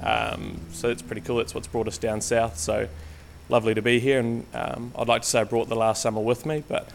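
Speaking at medium pitch, a little fast, with a flat, creaky voice, a guest lay preacher from Canterbury, New Zealand gives a church talk. It's informal and hesitant, full of ums and restarts. He sometimes steps away from the stage microphone, and a little hiss or hum is audible.

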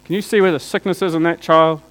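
Man, high voice, emotional sermon, rhetorical questions, mains hum behind. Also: steady tone, fast, a bit bright, rough recording. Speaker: preacher.

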